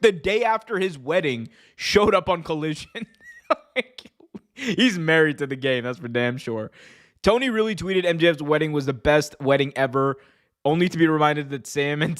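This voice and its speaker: Man, podcast host, casual chat, excitable, lots of fillers. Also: on the high side. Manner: excitable, heavy use of "like".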